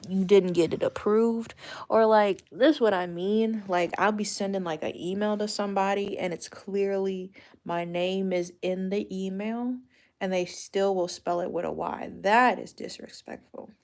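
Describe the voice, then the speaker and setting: A woman's voice: mid-range voice, fairly even intonation, unhurried, darkish tone. A woman hosting a casual livestream chat from a dim room at home, talking frankly in a rambling way and swearing casually. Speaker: livestream host.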